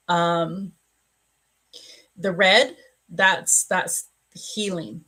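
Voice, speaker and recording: Middle-aged lady doing a live psychic reading, slow and soft, kinda low voice, earnest and emotional. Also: poor audio. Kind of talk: live-stream reading of viewer questions.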